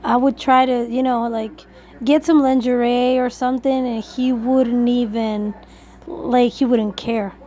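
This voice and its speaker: A woman vlogger telling a breakup story to camera, candid and emotional, swearing often and slipping in quick asides. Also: a little high, steady tone, warm tone. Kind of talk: storytime monologue.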